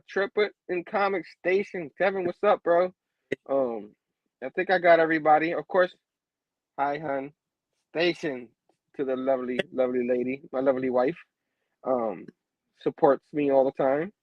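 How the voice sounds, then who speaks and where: A man's voice: on the high side, dry recording, lo-fi sound. A man hosting a casual comic book review show, laughing often and saying "you know what I mean" again and again. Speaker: host.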